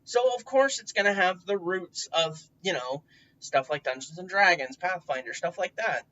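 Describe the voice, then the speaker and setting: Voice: medium pitch, lively intonation, normal speed, pushed and bright. A tabletop game player casually giving advice in a rambling way, full of fillers, restarts and the odd swear word. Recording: dull distant recording.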